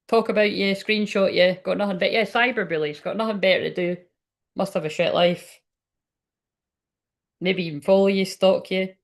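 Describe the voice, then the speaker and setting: A woman's voice: on the low side, vocal fry. A Scottish woman giving a casual live tarot reading, blunt, sweary and chatty, with lots of fillers. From Scotland. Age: adult, ten years online. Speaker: spiritual reader on a livestream.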